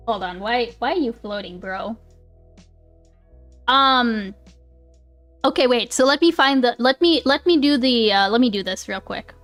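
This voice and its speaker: A woman's voice: fairly high pitch, fairly bright tone. A woman live streamer chatting casually with her viewers. She rambles, restarts often, laughs a lot and swears freely.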